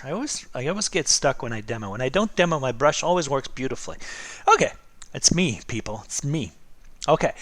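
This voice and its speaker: A man's voice: medium pitch, a bit bright. A middle-aged man teaching art over a drawing demo, chatty and encouraging, checking in with "okay?" and "right?" all the time.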